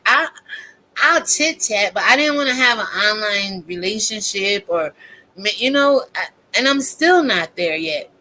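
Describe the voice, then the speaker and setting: A woman, in her thirties, delivering a blunt, profane, animated live-stream rant as a commentary host. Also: medium pitch, low-quality recording.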